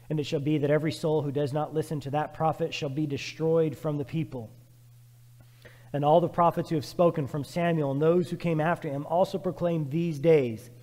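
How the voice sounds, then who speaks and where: A fervent male preacher delivers a sermon, driving points home with repetition and swinging between loud urging and hushed reflection. His voice sits somewhat high for a man. It rings out with a long reverb, as in a large hall. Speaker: pastor.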